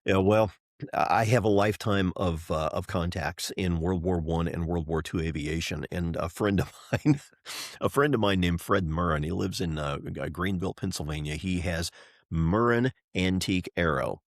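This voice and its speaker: A man's voice: sits low, moderate pace, dry recording, clean studio sound. A middle-aged man, a race driver and entrepreneur, telling an enthusiastic story as a podcast guest, acting out the voices of people he quotes. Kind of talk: animated storytelling in a podcast interview.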